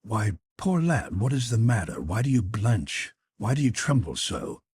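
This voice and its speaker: A man's voice: fairly low pitch, sing-song, moderate pace, darkish tone, breathy edge, dry recording, clean studio sound, full character voice. A man voicing a brash, scoffing grown man who blusters and mocks, in an audiobook reading. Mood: coaxing. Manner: blustering, mocking.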